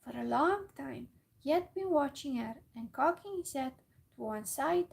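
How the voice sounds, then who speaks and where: A woman reading a fairytale aloud in a whispered role-play, soft and slow with small slips. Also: high-pitched, lively intonation, creaky, poor audio. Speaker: storyteller.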